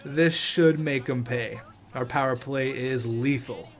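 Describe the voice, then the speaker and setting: A young man commentating his own video game match, joking and shouting when play gets tense. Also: mid-range voice, takes it slowly. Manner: excitable, jokey, shouts at big plays. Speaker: gaming YouTuber.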